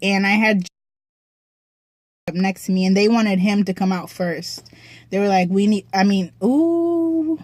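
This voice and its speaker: A woman's voice: mid-range voice, flat delivery, a little slow, long pauses, no room sound. Young woman, dry close storytime. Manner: profane, slangy storytelling with frequent throat clearing. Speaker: vlogger. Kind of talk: casual storytime. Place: parked car.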